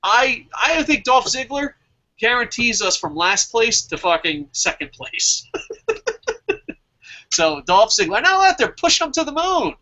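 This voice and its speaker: A man's voice: extremely high pitch, very animated, a little slow, pushed and bright, low-quality recording. A man hosting a fantasy wrestling draft show, talking in a casual, profane way and laughing at his own jokes.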